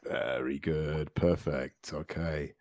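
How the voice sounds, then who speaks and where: A man hosting a podcast English lesson, encouraging his student and repeating words slowly to practise pronunciation. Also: rumbling low, steady tone, a little mellow, no room sound, clean studio sound. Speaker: English teacher and podcast host.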